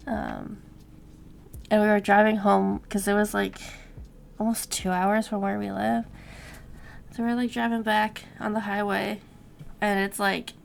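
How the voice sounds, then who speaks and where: A young woman streamer chatting casually and rambling to her viewers, swearing now and then, with a gravelly voice. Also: mid-range voice, a little hiss or hum.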